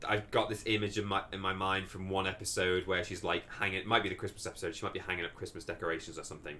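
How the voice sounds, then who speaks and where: A man's voice: sits low, little pitch movement, racing, sharp tone. A man hosting a live game stream, chatting casually and rambling as he thinks aloud and thanks viewers for donations. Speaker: livestream host.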